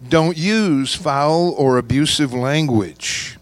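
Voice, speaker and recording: A man preaching a sermon, reading scripture and slowing down to stress key words. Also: on the high side, no room sound. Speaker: pastor.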